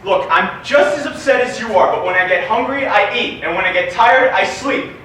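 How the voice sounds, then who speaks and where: A young adult student actor performs in a class play on a classroom stage, playing a tired, exasperated young husband who works as a lawyer. His high-pitched voice is pushed and bright at a normal speed, delivered dry and weary with sighs. A distant camera picks him up in an echoey room, with faint noise.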